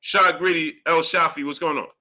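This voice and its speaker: A man's voice: fairly high pitch, fairly even intonation, moderate pace, bright, forceful tone. A man hosting a boxing live stream, arguing emphatically with rhetorical questions and reading out super chats. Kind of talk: heated live-stream commentary.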